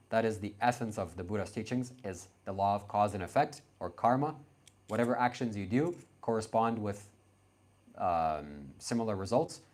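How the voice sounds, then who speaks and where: A man's voice: on the low side, a little mellow. A young man from Canada in his late teens, answering his livestream chat in a blunt, confrontational, self-assured way.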